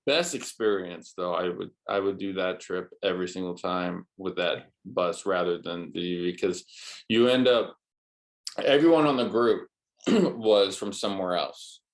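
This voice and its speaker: A man's voice: low voice, unhurried. A man chatting casually, telling a rambling travel story with many fillers and restarts. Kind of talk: casual chat.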